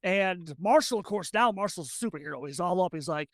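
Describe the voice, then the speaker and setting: Gravelly-voiced tabletop game master. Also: mid-range voice, expressive, no echo. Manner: rambling, quick, many restarts.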